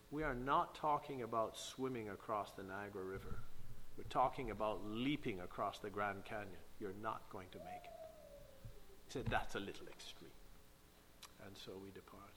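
Forceful preacher man in an echoing hall. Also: fairly high pitch, a little hiss or hum. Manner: emphatic preaching with King James scripture reading. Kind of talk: sermon. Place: church sanctuary. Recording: long church hall reverb.

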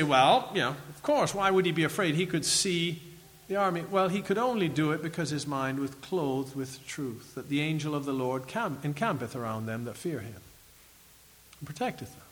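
A man preaching a sermon in an animated way, chuckling as he reads scripture aloud to his listeners. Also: fairly high pitch, normal speed, long reverb tail.

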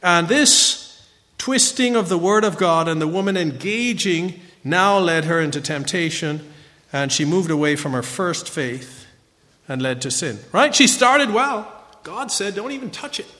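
A man's voice: a little high, animated, measured pace, pushed and bright, big-room sound. A man giving a conversational Bible teaching lecture, often checking in with a rhetorical "right?".

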